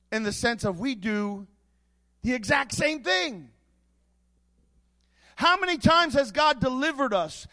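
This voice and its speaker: A man's voice: very high voice, a bit bright. A man preaching a sermon as pastor, emphatic, building his points with repeated rhetorical questions.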